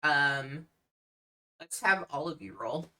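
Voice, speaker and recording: Low, slow-speaking woman game master. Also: lively intonation, pushed and bright. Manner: hesitant, many ums, laughs easily. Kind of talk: narrating a tabletop game.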